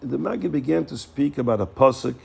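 Guy telling a hasidic story, gravelly husky voice, repeats himself a lot. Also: medium pitch, quick pace. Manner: animated, repeats words and acts out characters' lines.

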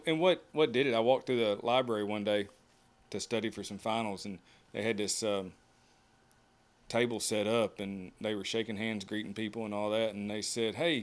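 A man who works as a horseshoer, telling casual stories as a podcast guest and acting out the lines of others. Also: lowish voice. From United States. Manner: folksy, acts out quotes. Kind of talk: casual storytelling.

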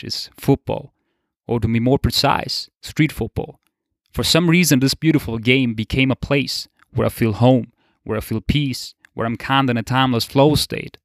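A man's voice: medium pitch, fairly bright tone, dry recording, studio quality. A young man giving a casual motivational monologue, laid-back, swearing casually and laughing often. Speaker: motivational podcaster.

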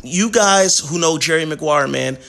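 A man's voice: fairly high pitch, normal speed, gravelly, fairly bright tone, slight background noise. A man co-hosting a podcast, talking in a laid-back, slangy way and tossing in "man" constantly. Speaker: podcast co-host. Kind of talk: casual podcast chat.

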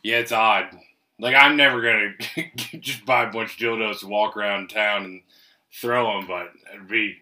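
Guy joking around on a podcast, really bright voice, sits back from the mic. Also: on the low side, fairly even intonation, normal speed. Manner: laughs often, loose and joking. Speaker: podcast co-host. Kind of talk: casual chat. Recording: roomy, from far off the mic.

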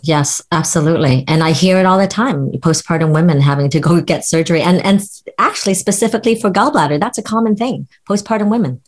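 A woman hosting a podcast, talking casually and warmly affirming her guest while reflecting on her patients. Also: on the low side, fast talker, hardly any pauses. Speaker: podcast host; health practitioner with patients.

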